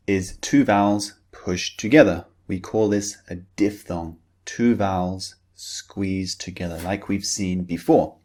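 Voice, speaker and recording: A man teaching pronunciation, enunciating each model word with slow, careful deliberation. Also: fairly low pitch, darkish tone.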